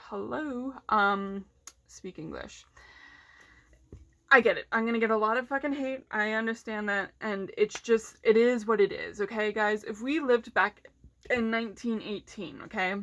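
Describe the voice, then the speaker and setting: A woman's voice: medium pitch, moderate pace, fairly bright tone. Blunt, swearing woman ranting. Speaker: vlogger. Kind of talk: casual ranting vlog.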